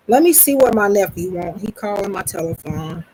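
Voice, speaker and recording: On a low-quality recording, a woman speaks in a mid-range voice that's darkish with a breathy edge. A psychic reader from the Southern US with a matching accent, she hosts a live stream, talking casually and rambling, self-deprecating and frequently starting over.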